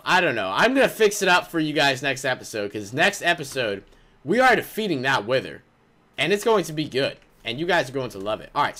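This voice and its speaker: A man hosting a let's play, excitable and exasperated, saying "like" and "oh my gosh" often. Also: a little high. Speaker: gaming video host.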